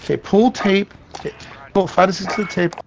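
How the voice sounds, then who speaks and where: A gaming streamer who also owns a company chats casually while playing, blunt and swearing freely. His voice is high-pitched and fairly quick, with music in the background.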